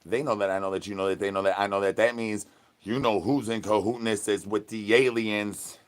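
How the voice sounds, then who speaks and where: A man's voice: on the low side, fairly even intonation, normal speed. A young man talking into his phone on a live stream, rambling in a playful, sing-song way full of nonsense catchphrases.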